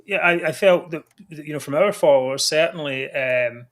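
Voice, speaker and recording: A man's voice: fairly high pitch, moderate pace, fairly bright tone. A man hosting a live political talk show, chatty and sardonic, with mocking asides. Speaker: host.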